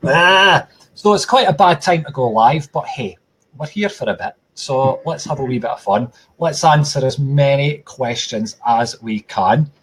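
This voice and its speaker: Husky-voiced chatty male live-streamer. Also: medium pitch, expressive, moderate pace. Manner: chatty and jokey, addressing viewers as folks. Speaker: psychic medium hosting a live stream. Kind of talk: casual live-stream chat. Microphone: tablet device.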